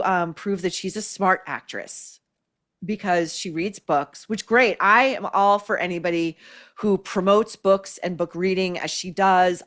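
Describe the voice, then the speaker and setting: Woman commentary host, slightly low, blunt, scathing, sarcastic. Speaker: podcast host. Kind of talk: opinion commentary.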